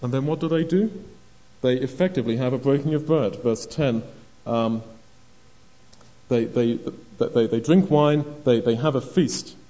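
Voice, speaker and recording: An older man preaching a sermon on scripture, halting and repeating words, acting out the voices of people in the story. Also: mid-range voice, dark tone. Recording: dull lo-fi recording.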